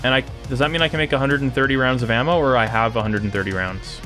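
A young man giving let's play commentary, excitable and taunting the enemies on screen. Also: medium pitch, racing, few pauses, faint music behind. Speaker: gaming YouTuber.

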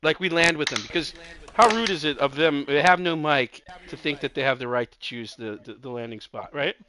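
Guy gaming w his buddies, bright kinda punchy voice, bit high, joking around. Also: a little fast. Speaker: gamer on a stream. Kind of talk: casual gaming chat.

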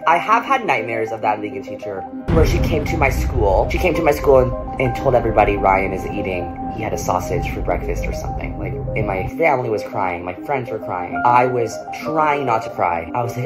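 Dramatic young man vlogging, lively swings. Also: on the low side, brisk, over music. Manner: dramatic, mock-serious, swings from loud to hushed. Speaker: comedy vlogger. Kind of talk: comedic vlog monologue. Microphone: phone.

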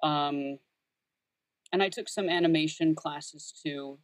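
A man's voice: on the high side, slow, no room sound. A man in his thirties who works as a voice actor, chatting thoughtfully in an interview with many fillers and restarts. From Texas, USA. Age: 30s. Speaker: voice actor and audiobook narrator. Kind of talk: casual interview chat.

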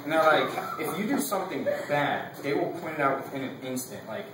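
A man's voice: on the high side, animated, fairly quick, very echoey, recorded from a distance, heavy background noise. A young man giving a casual class speech. He rambles, fills his talk with "like" and laughs between his points.

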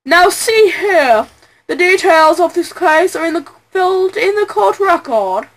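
A woman's voice: very high voice, animated, a little slow, full character voice, rough recording. A woman voicing a smug, pompous male prosecutor who talks down to others.

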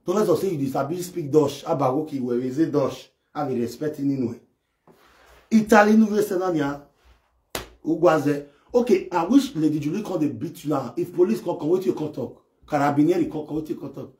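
A man's voice: fairly high pitch, fast. Mocking man in an echoey room. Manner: excitable, mocking, acts out imagined scenes. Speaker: comedy live video host. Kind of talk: comic live-stream rant.

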